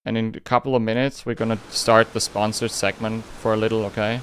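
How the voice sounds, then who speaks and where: A man's voice: fairly low pitch, flat delivery, brisk, a bit bright, slight background noise. A man streaming a game, chatting casually with his viewers, reading chat and humming between lines. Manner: playful, reads chat aloud, hums and sings nonsense. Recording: faint music behind.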